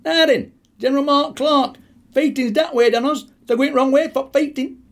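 A man voicing an old Yorkshire uncle with a broad Sheffield accent, in a high, loud storytelling voice. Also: moderate pace, creaky. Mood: boisterous.

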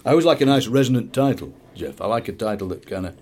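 A man's voice: mid-range voice, lively intonation, fast talker, a little mellow, a little hiss or hum. A man in his sixties with a Yorkshire accent, a poet reading and chatting in a rambling, anecdotal way with chuckling asides. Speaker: poet and radio presenter. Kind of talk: poetry reading and chat.

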